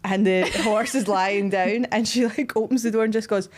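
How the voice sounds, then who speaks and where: A young woman, co-hosting a casual podcast chat and telling animated stories, acting out quoted voices. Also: medium pitch, moderate pace. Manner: chatty storyteller, acts out quoted voices. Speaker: podcast co-host.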